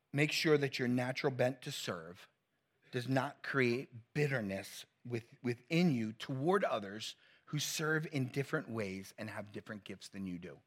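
A man's voice: medium pitch, fairly bright tone. A middle-aged male pastor preaching a sermon in a conversational, teasing way, laughing at his own jokes.

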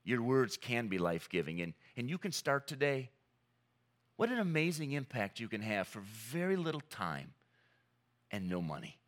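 A man preaching a sermon, earnest and emphatic, with dramatic pauses and repeated phrases. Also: medium pitch, sing-song. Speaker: pastor.

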